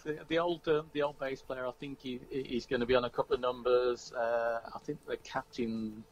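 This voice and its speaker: A man, a musician guest talking casually over the phone, relaxed and hesitant with many fillers. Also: medium pitch, moderate pace, slight background noise. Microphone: phone line. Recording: dull phone line audio.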